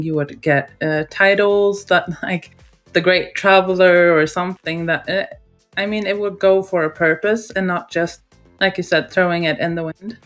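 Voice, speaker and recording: A podcast panelist in casual chat, thoughtful and quick to laugh. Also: mid-range voice, fairly bright tone.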